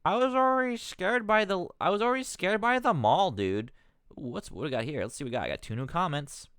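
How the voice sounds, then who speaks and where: A man's voice: high voice, lively intonation, brisk, a bit bright, smooth, no room sound, studio quality. Profane, exasperated male streamer. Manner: rambling, self-interrupting. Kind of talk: live-stream commentary.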